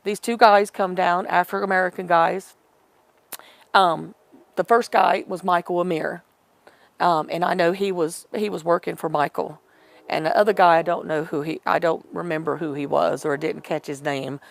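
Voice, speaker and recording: Gravelly low-voiced middle-aged woman. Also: fairly even intonation, moderate pace. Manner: rambling, self-correcting, retells conversations. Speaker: interviewee. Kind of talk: personal storytelling in an interview.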